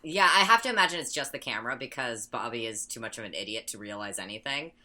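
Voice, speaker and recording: A woman co-hosting a casual film-review podcast, blunt and agreeable and quick to swear. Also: extremely low pitch, animated, crowd noise. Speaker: podcast co-host.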